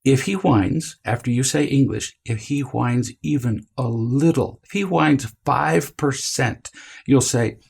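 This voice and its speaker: Slow, gravelly man coaching parents. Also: mid-range voice. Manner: calm, deliberate, coaching tone with drawn-out emphasis. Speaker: parenting teacher. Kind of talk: instructional talk to camera.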